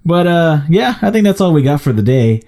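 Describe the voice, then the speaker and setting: A man's voice: on the high side, very animated, a little fast, dark tone. A young man co-hosting a podcast, telling stories in a loose, rambling way full of fillers. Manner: rambling, filler-heavy storytelling. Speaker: podcast co-host. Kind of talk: casual chat.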